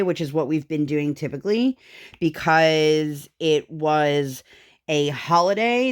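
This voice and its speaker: A woman vlogger and mother chatting casually while crafting, telling rambling stories full of fillers. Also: deep voice. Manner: rambling storytelling, many fillers.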